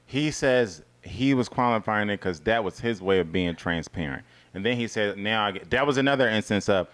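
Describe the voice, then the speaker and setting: A man co-hosting a casual TV review chat, talking loosely with restarts and drifting into a quiet murmur. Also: animated, moderate pace, hardly any pauses. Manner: conversational, restarts and trails off in a low murmur. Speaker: co-host of a reality TV review show.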